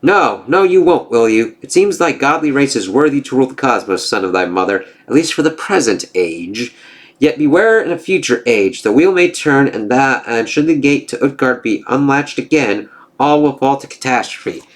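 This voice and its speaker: A man's voice: medium pitch, animated, normal speed, voice pushed up, lightly acted. Man voicing a scornful old giant king of illusions, declaiming, comic-book read-aloud, mid-range voice. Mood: grave. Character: ancient male giant king of illusion, taunting.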